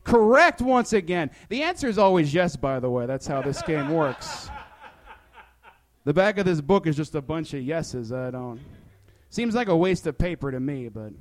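A young man with a high voice, doing stand-up and then chatting. His talk is playful and jokey, full of fillers and restarts. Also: very animated, normal speed. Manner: playful, hesitant with many fillers. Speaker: stand-up comedian. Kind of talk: comedy bit then casual interview chat.

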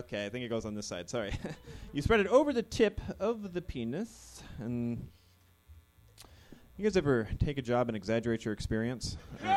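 A man doing a live stand-up set of awkward, deadpan one-liners in a ballroom venue. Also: medium pitch, slight background noise. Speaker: stand-up comedian.

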